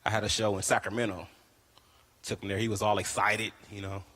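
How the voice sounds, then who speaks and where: Bright-voiced man doing animated stand-up. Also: fairly quick, husky, in a large hall. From Bay Area, California. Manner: animated storytelling, acts out friends' voices in a higher pitch. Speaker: stand-up comedian. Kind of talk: stand-up comedy set.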